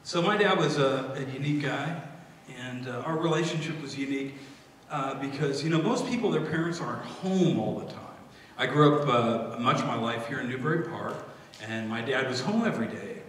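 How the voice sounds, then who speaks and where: A middle-aged man gives his father's eulogy, emotional and close to tears, with some warm laughter. His voice comes from a distance and rings through a large hall with a long echo and faint background noise. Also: medium pitch, normal speed. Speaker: eulogist son. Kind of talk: memorial eulogy. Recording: echoey hall from far off.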